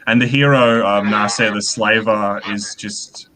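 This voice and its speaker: A man's voice: on the low side, steady tone, unhurried, a crowd in the background, rough recording. A male author in a casual interview, explaining his ideas in a thoughtful, rambling way with frequent fillers. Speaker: author guest.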